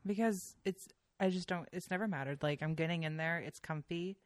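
A woman's voice: lowish voice, fairly quick, no room sound. Dry, sarcastic woman guest. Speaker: podcast guest. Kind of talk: casual comedic chat.

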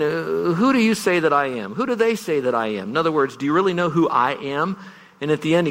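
A man's voice: mid-range voice, a bit bright. Earnest preacher man in a reverberant hall. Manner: earnest, builds to emphatic bursts. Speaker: pastor. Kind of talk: farewell sermon.

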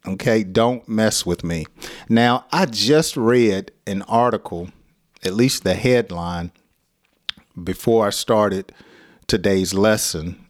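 Slow-talking American man teaching English. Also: on the low side. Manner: acts out angry example phrases, laughs often. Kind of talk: casual spoken lesson.

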